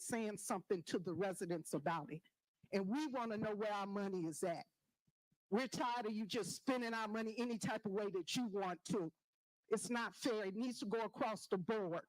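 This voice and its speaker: A woman's voice: medium pitch, a little mellow, no echo, rough recording. A woman resident making a firm, indignant public comment at a town meeting and demanding answers from officials.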